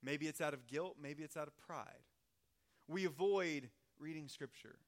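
Male pastor, fairly high voice; preaches like he is chatting, humorous and anecdotal. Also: unhurried. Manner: conversational, humorous storytelling. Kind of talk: sermon.

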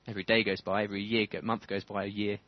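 A man preaching a sermon in church, animated, chuckling often and building to fervent emphasis. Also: on the low side, fast talker, no echo. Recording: dull lo-fi church recording.

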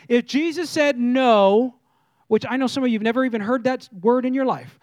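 A man preaches from the pulpit in a notably high voice. He drives hard on key phrases, then sinks into hushed, low asides, and has the congregation repeat lines back to him. The sound is dry and close. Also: a little fast, dry recording. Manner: dynamic preaching, swings from loud emphasis to hushed low tones; leads congregation in call-and-response. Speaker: pastor. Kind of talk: sermon. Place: church.

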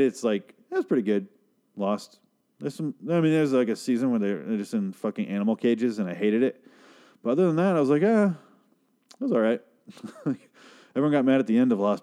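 A man's voice: mid-range voice, warm tone. A man hosting a casual solo podcast, rambling and profane with sarcastic asides, tired and struggling for words. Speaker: podcast host.

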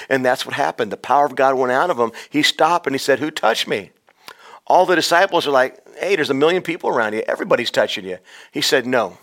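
A man preaching a sermon on a podcast, swinging between loud urgent exhortation and hushed, intimate storytelling. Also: mid-range voice. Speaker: pastor. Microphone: podcast microphone.

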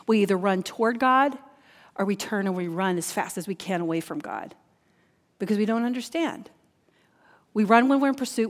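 Woman, preacher, earnest sermon, repeats phrases, mid-pitched voice, long hall echo. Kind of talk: sermon reading scripture and teaching.

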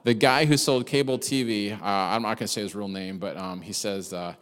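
A male pastor preaching quickly in a lower voice, spinning a personal story with plenty of asides and self-deprecating jokes. His voice rings out with a long hall reverb behind it. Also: clear, resonant tone. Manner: animated, chatty, self-deprecating humor. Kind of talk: sermon with storytelling.

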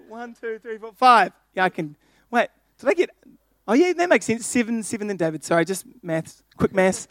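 A man's voice: high-pitched, animated, normal speed, fairly bright tone, no room sound, studio quality. A young adult man preaching a sermon, playful and jokey, talking directly to his congregation.

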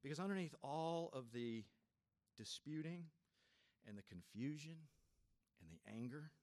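A male pastor giving a sermon in a reflective, unhurried way, with soft laughs and sudden drops from a firm voice to a near hush. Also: mid-range voice, lively intonation, no room sound, clean studio sound.

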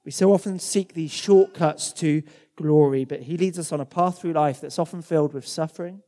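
A man's voice: on the high side, normal speed, dark tone. A man preaching a sermon in a conversational way, often repeating words as he goes. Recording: long hall reverb.

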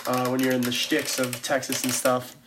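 Over a noisy background, a twenty-something band member recounts life on tour at a moderate pace in a mid-range voice with a completely flat delivery. The chat is casual and meandering, peppered with slang, filler words, and false starts.

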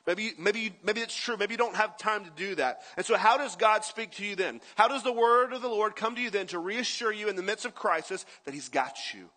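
A male pastor preaches in a high, bright voice. His sermon sounds casual and conversational, and he keeps checking in with his listeners. The sound rings out with a long reverb, as in a big hall. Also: brisk, hardly any pauses. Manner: conversational preaching, asks the room "right?".

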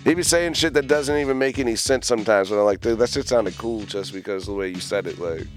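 A man's voice: on the low side, quick pace, faint music behind. A man hosting a radio show, telling stories in casual chat and laughing often. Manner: laughs often, animated storytelling. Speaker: radio host. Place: radio studio.

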